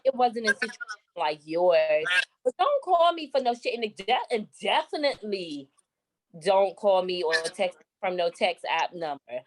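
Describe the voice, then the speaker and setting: A woman's voice: medium pitch, big pitch swings, measured pace, low-quality recording. A woman co-hosting a podcast in casual chat, blunt and emphatic with some swearing. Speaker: podcast co-host.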